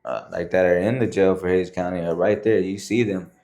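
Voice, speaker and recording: A man with a very low, deep voice speaks as a guest on a podcast. He tells his story casually and loosely, with plenty of fillers and a habit of saying "man" and "bro". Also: fairly even intonation, brisk, vocal fry, warm tone.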